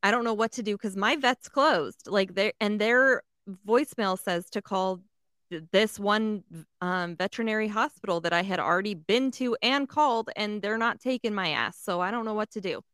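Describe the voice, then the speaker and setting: Woman podcaster from Texas, animated storyteller, dry studio mic. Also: medium pitch, moderate pace, clean tone, no echo. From San Antonio area, Texas. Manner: animated, swears freely, acts out other people's lines. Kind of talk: casual storytelling chat.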